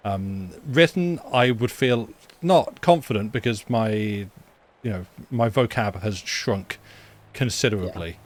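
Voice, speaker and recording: A man's voice: on the low side, measured pace. A man co-hosting a casual stream chat, joking and stumbling over repeated starts. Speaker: podcast co-host.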